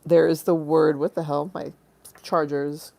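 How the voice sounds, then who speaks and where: A woman's voice: low-pitched, flat delivery, unhurried, vocal fry, warm tone. Giggly, bawdy woman streaming live. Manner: giggly, bawdy, rambling with frequent laughs. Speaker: livestream host. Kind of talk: casual live-stream chat.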